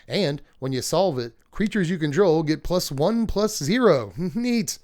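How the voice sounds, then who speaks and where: A young man hosting a casual card review, talking in a chatty, rambling way full of fillers and asides. He laughs often as he goes, and his voice sits a little on the high side. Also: lively intonation, measured pace, a little mellow. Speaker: card game video host.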